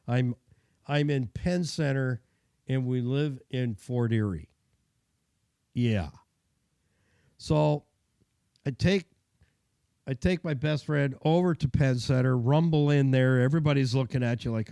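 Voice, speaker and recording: Middle-aged man, mechanic telling a story, mellow voice, dry close sound. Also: medium pitch, a little slow, long pauses, clear, resonant tone, no room sound. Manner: chatty, self-deprecating, acts out the people in his story. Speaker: mechanic giving car care tips. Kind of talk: casual storytelling and advice.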